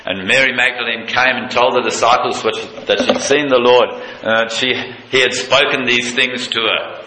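A male preacher giving a sermon, retelling a scene with passion, dropping low and quiet and then leaping high with excitement. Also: moderate pace. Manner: impassioned, leaps from low intimacy to high excited pitch. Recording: echoey room with faint noise.

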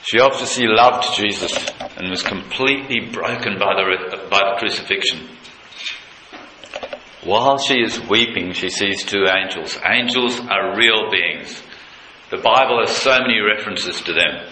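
A male preacher giving a sermon, retelling a scene with passion, dropping low and quiet and then leaping high with excitement. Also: measured pace. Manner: impassioned, leaps from low intimacy to high excited pitch. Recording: echoey room with faint noise.

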